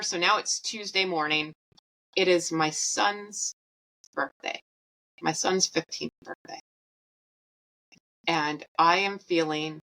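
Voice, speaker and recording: A woman's voice: lowish voice, sharp tone, poor audio. A woman in her thirties, a podcast host, telling a personal story in a candid, wry and emotional way.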